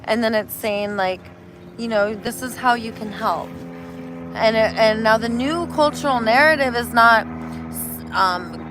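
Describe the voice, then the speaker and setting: A woman, a spiritual healer, talking casually and telling animated stories, acting out voices as she goes. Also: on the high side, a little slow, background noise. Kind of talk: casual street conversation.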